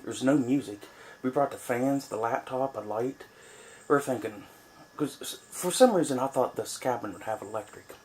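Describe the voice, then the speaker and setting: Man, casual vlog chat, rambling with fillers, middle pitch, small cabin, faint hiss. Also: normal speed, a little mellow. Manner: rambling, chatty, many fillers. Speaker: vlogger on a cabin trip.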